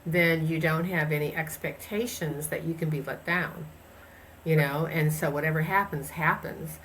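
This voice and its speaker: A woman in her sixties from the United States, a chiropractor, tells travel stories as a guest in a casual interview, rambling with many fillers and restarts. Her voice is low-pitched, steady and fairly bright, at normal speed, with slight background noise.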